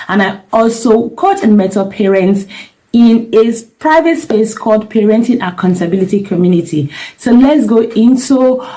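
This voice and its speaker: A woman's voice: medium pitch, mellow, low-quality recording. A middle-aged woman, a parenting coach giving earnest, emphatic advice straight to camera and repeating her key points. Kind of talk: direct-to-camera advice talk.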